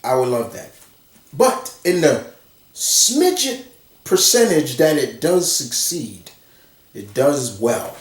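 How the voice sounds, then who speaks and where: Man, exasperated profane rant, slow delivery, echoey room, far from the mic. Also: fairly high pitch, big pitch swings. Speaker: commentary vlogger. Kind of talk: ranting movie commentary. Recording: roomy echo, far from the mic.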